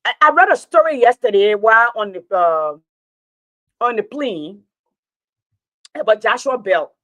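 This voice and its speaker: A woman's voice: fairly high pitch, lively intonation, a little slow, a bit bright, dry recording, dull audio. A woman, a teacher talking straight to her online audience in an impassioned, preachy monologue, repeating her points for emphasis.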